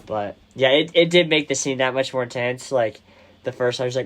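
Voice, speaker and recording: A young man hosting a podcast, retelling movie scenes casually and excitedly, with slang and lots of "like". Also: mid-range voice, brisk. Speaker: podcast host. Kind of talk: casual chat about a movie.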